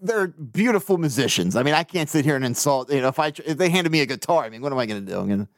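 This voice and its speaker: Animated laughing man host. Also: mid-range voice, racing, no room sound, clean studio sound. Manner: animated, laughing, swearing, self-mocking storyteller. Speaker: podcast host. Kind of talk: casual chat.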